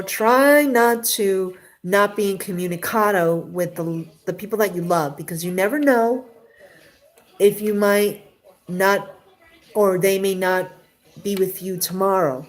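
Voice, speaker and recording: A middle-aged woman vlogging about her life, heartfelt and rambling, full of fillers like "you know", at times close to tears. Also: mid-range voice. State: tearful at times. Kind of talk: emotional personal vlog talk.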